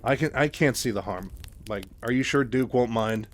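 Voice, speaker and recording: A man's voice: medium pitch, normal speed, close to an everyday voice. A man voicing a composed female army lieutenant who speaks formally and politely.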